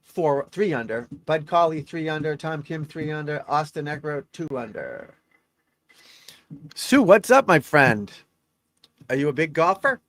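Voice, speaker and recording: A man's voice: on the high side, expressive, normal speed, few pauses, a bit bright, dry recording. A middle-aged man, a golf instructor, chatting on a live stream, reading out scores and talking to viewers in a rambling, talkative way.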